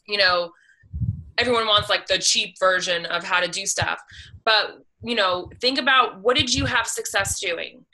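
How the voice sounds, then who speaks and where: Woman, team leader on a coaching call; very bright tone, steady and encouraging. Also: medium pitch, moderate pace, poor audio. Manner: steady, encouraging, with "you know" and "um" fillers.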